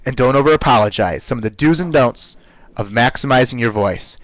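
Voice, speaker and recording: Man, webinar presenter, conversational, upbeat, "uh" fillers, middle pitch, dry close sound. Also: fairly quick, fairly bright tone, dry recording, rough recording. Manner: playfully shifts pitch to demonstrate voice technique. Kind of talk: live online class presentation.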